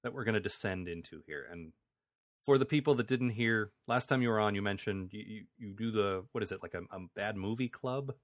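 Podcast host, male, slightly low, loose rambling delivery, dry studio sound. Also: fairly quick, no room sound. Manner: rambling with frequent restarts and laughs. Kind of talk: casual chat.

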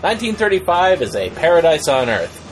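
Man doing earnest adventure hero, 1930s radio serial, lively, faint music behind. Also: on the high side, brisk. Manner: earnest, gung-ho. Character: eager square-jawed American adventure hero.

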